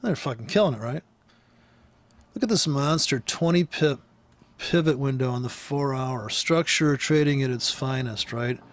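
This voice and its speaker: Talking over a live chart, a U.S. forex trader who also teaches trading goes on a loose, rambling rant full of swearing and laughter. His voice is mid-range at a moderate pace, captured in a dry recording.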